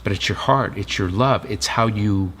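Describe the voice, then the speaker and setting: A male pastor giving a sermon, retelling scripture in relaxed, casual storytelling. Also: lowish voice, moderate pace, breathy edge.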